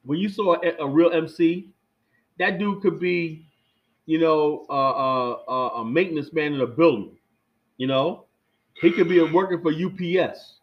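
Rambling, animated middle-aged man telling stories. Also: fairly high pitch, measured pace, muffled recording. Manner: rambling, animated, many fillers and restarts. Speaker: guest. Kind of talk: casual storytelling chat.

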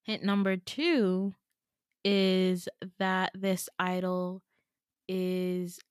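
A woman's voice: fairly low pitch, steady tone, very slow, clear, resonant tone, no echo, clean studio sound. A young woman hosting a podcast and telling a dream story in casual chat, full of fillers, swearing and self-mocking laughs. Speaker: podcast host. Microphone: home podcast mic.

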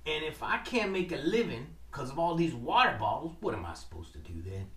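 A man's voice: a little high, sing-song, brisk, a bit bright, far from the mic. Storybook role: a worried, weary fisherman voiced by a man, matter-of-fact; roomy sound, set back from the mic.

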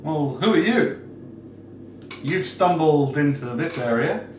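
A man's voice: on the high side, animated, slow pace, noisy background. A man voicing a cheeky red-haired male elf who drifts in with casual, nosy questions. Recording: roomy echo, distant mic.

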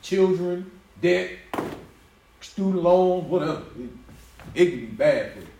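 A man preaching a conversational sermon, lively and quick to laugh, acting out the voices he quotes. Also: high voice, gravelly, slight background noise. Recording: roomy echo from a distance, faint ambience.

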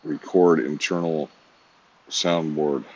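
A man's voice: a bass voice, steady tone, slow pace, a little mellow, highs cut off, a little hiss or hum. A man talking to himself in a rambling, disjointed monologue, swearing now and then.

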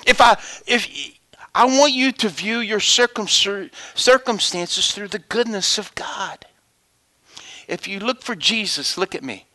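Preacher man, bright and dry. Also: no echo. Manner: swings from hushed whispers to loud high exclamations. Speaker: pastor. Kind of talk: sermon with told stories.

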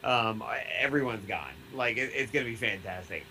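Casual Midwestern male podcast co-host, rambly and giggly, mid-pitched, faint room hiss. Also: animated, normal speed, bright, forceful tone, poor audio. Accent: Midwestern American. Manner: rambling, laughing, lots of fillers.

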